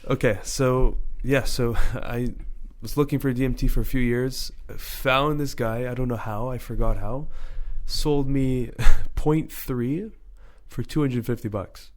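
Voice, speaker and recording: A young man co-hosting a casual podcast chat, telling a long, rambling story with plenty of swearing and acted-out bits of dialogue. His voice sits at an ordinary male pitch. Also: steady tone, a little slow, few pauses. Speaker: podcast co-host.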